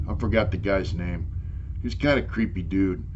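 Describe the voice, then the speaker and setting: A man's voice: low-pitched, normal speed, darkish tone, lo-fi sound, a little hiss or hum. Older man, rambling profane storyteller. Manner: rambling, profane, full of "you know". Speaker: interviewee telling prison stories. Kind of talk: casual storytelling.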